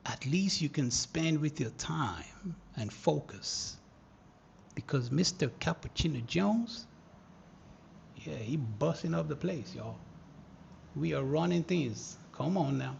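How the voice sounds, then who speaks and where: Man, trading livestream host, high lively voice, gravelly edge, unhurried delivery, teasing. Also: lo-fi sound, a little hiss or hum. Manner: animated, teasing, bursts into excited shouting. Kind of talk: live market commentary.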